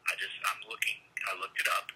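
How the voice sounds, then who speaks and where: A man, a police officer on the phone, speaking in a measured, patient, methodical way. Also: sharp tone. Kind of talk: phone call. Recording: tinny phone line with faint noise.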